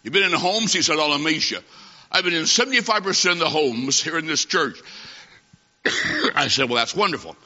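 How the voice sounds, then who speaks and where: A man preaching a humorous sermon, telling a comic story and acting out the dialogue with lively timing. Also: a little high, a little fast. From half Italian. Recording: dull recording in a long-echoing hall.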